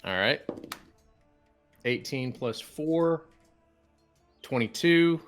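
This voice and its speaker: A man's voice: medium pitch, animated, extremely slow, soft background music. Eager man describing his moves. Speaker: player. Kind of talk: tabletop role-play.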